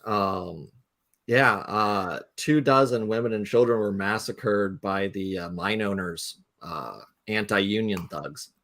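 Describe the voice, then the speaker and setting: A man with a fairly low voice tells a long, rambling story and fills the gaps with uh and you know. He is a guest on a relaxed live talk show. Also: slow pace. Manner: rambling anecdotal storyteller, many fillers. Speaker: guest, game designer.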